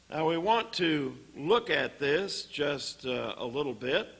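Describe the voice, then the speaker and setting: A man preaching a sermon in a church, teaching on scripture in a deliberate way with pauses and "uh" fillers. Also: fairly high pitch, sing-song, a bit bright, breathy edge.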